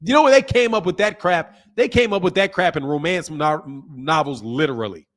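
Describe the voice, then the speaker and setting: High-voiced guy w/ aave running a boxing stream, blunt n profane, laughs a lot. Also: a little fast. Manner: blunt, profane, laughs often, animated asides. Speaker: boxing channel host. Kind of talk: casual livestream chat reading viewer comments.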